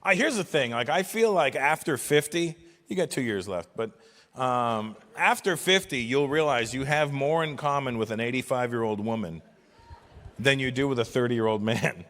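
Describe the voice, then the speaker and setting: A man's voice: medium pitch, expressive, normal speed, a bit bright. Profane stand-up man in his fifties. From Canada. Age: 50s. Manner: profane, mocking, acts out voices. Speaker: stand-up comedian. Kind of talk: stand-up routine with crowd work. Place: live venue with audience. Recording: long hall reverb from stage.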